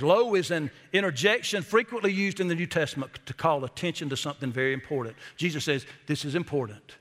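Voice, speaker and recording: A middle-aged man preaches in a church, telling folksy stories and slowing down to stress his key words. His voice sits high and rings bright and forceful. The sound carries a long reverb from the hall. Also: expressive. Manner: folksy storytelling preacher, emphatic slowed phrases. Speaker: pastor. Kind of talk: sermon. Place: church sanctuary.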